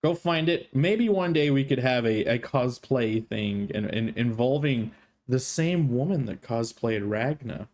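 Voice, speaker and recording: A man's voice: mid-range voice, lively intonation, a little slow, darkish tone. A male streamer with a strained throat, chatting in a playful, jokey way and swearing freely. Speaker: streamer, host. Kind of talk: casual live-stream chat.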